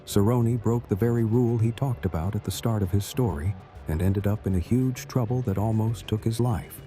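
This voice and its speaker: A man giving a scripted voice-over narration in an even, explanatory way. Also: fairly low pitch, moderate pace, soft background music.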